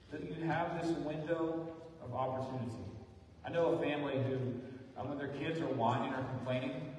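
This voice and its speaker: A man's voice: a little high, fairly even intonation, moderate pace, darkish tone. A man preaching a sermon as pastor, earnest and pleading, building to emphatic calls. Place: church sanctuary. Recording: echoey hall, distant mic, faint noise.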